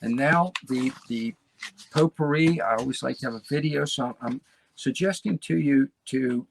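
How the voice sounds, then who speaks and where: A man's voice: medium pitch, normal speed, vocal fry, slight background noise. A man from the United States hosting his podcast in a casual, rambling monologue, restarting phrases and chatting to his listeners. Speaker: podcast host.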